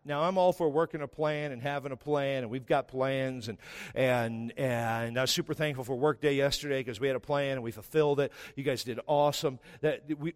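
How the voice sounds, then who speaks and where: A man preaching a sermon, telling a humorous personal story with jokey asides, then building to emphatic, rapid runs of phrases. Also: mid-range voice. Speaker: pastor.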